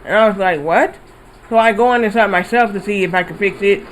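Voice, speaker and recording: High-voiced rambling male streamer. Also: fast, slight background noise, rough recording. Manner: rambling, animated retelling with swearing. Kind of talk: casual storytelling while gaming.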